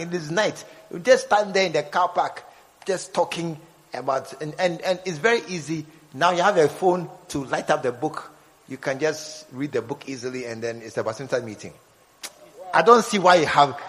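A man preaching a lively sermon, acting out little scenes and joking with his congregation. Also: high voice, in a large hall, low-quality recording. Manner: animated, acts out scenes, jokes with the congregation.

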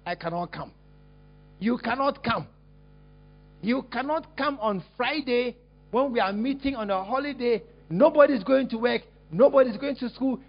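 Man, pastor, husky gravelly voice, very high pitch, slow exclamatory preaching, dull lo-fi recording. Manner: animated, exclamatory, teasing the congregation. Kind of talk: lively sermon with acted-out demonstration.

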